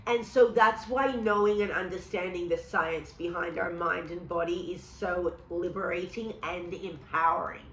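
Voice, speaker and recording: A woman with a New York accent, guiding an EFT tapping session with calm, measured affirmations for the listener to repeat. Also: on the low side. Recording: roomy echo.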